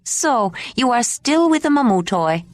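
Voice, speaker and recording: Woman doing a shrewd head woman, high, lively, always asking questions. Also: unhurried, no echo, clean studio sound. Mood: probing. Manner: probing, questioning. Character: muscular shrewd head woman, sharp-eyed, probing.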